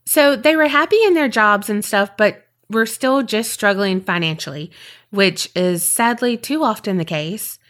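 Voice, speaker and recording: A woman's voice: mid-range voice, animated, measured pace, fairly bright tone. A woman with a Southern US accent, co-hosting a podcast with rambling, chatty talk and then telling a story. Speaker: podcast co-host. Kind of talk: casual chat and storytelling.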